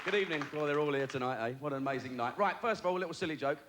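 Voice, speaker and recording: Cheeky comic doing stand-up. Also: male voice, fairly high pitch, racing, a loud crowd. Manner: cheeky, rambling patter with asides. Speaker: stand-up comedian. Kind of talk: stand-up routine on a TV variety show. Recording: noisy broadcast with loud studio audience. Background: audience laughter.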